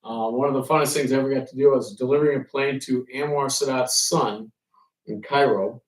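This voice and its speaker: A man who works as a ferry pilot tells animated stories to an audience and acts out the conversations he quotes. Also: mid-range voice, brisk, a little hiss or hum. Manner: animated anecdotes, acting out quoted exchanges. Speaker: ferry pilot and author giving a talk. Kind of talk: storytelling talk to an audience. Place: room with an audience. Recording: echoey room, from a distance.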